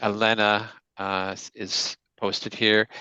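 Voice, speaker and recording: A man moderating a webinar and reading chat comments aloud in a measured way over a video call. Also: lowish voice, level tone, pushed and bright, clean tone, no echo, rough recording.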